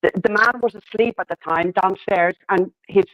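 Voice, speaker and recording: A man's voice: high-pitched, normal speed, dry recording, highs cut off. A man from Ireland, talking heatedly and swearing often in a casual chat.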